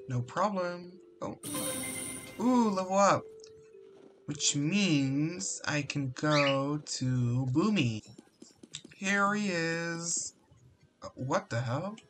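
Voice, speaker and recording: A Roblox gameplay streamer gives casual commentary while playing, with music in the background. The medium-pitched voice is very slow with frequent pauses, mumbling and often trailing off into exasperated exclamations and swearing.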